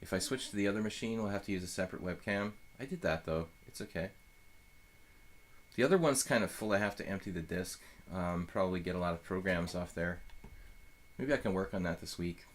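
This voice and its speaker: A man's voice: low-pitched, a little fast. A man giving live chess commentary as a streamer, thinking aloud in a loose, rambling way full of fillers and restarts.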